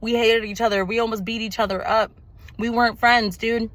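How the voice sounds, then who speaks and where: A woman's voice: a little high, fairly even intonation, brisk, a bit bright, no echo. A woman giving an emotional personal testimony to her viewers. She swears freely, repeats phrases for emphasis and slips into preaching. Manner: preachy, addresses viewers directly. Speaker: spiritual vlogger.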